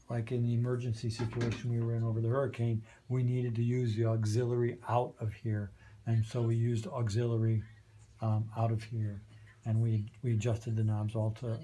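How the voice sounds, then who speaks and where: This is a hands-on training session: a man shows volunteers how to use a community radio soundboard, pausing patiently to confirm they follow. He has a mellow, medium-pitched voice, with slight background noise in the recording.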